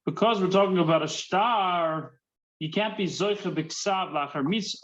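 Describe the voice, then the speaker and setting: A man's voice: sits high, normal speed, a bit bright, low-quality recording. A man teaching a Talmud class, mixing Hebrew terms into English and often repeating words as he thinks.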